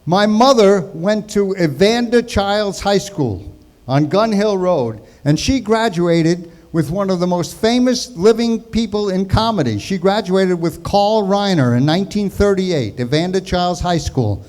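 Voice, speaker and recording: A man's voice: high-pitched, expressive, a little slow, a little mellow. A man in his sixties from New York telling jokes and stories in a chatty stand-up tribute set. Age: 60s. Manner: jokey, chatty storytelling. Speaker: comedian.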